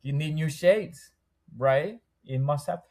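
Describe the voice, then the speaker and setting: A young man with a fairly high, slightly mellow voice speaks slowly as a podcast guest. He runs a window treatment business and chats casually, laughing often and acting out voices as he tells stories.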